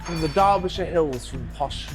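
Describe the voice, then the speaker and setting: A man with a nasal, croaky voice that sounds like he has a cold, hosting a scrapyard vlog in quick, jokey casual chat outdoors. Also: a little high. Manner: fast-talking, jokey. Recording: music playing under the voice.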